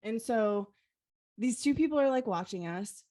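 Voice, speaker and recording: A woman's voice: fairly high pitch, animated, measured pace, mellow. A young adult woman co-hosting a podcast, retelling a personal story in a heartfelt way and leaning on the filler "like". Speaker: podcast co-host.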